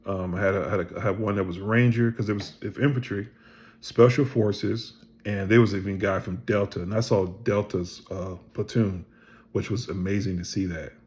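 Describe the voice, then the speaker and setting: A middle-aged man telling his own story in a casual, animated way, acting out other people's lines and swearing freely. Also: lowish voice, moderate pace. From Pennsylvania.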